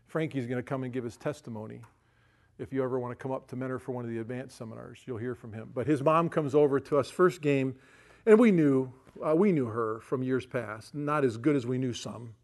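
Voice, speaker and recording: A man's voice: medium pitch, fairly quick, a little mellow. A middle-aged man, a pastor, telling stories in a folksy, chatty sermon with frequent asides to the congregation. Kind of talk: sermon storytelling.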